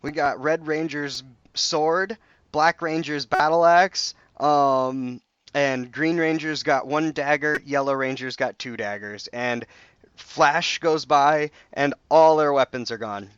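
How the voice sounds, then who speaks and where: A young man talks through comic plots in a loose, rambling podcast chat. His voice is smooth and clear, but the sound is muffled and dry, close on a home mic. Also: a little high, steady tone, slow, fairly bright tone, no room sound. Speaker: podcast co-host. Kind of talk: casual comic recap chat.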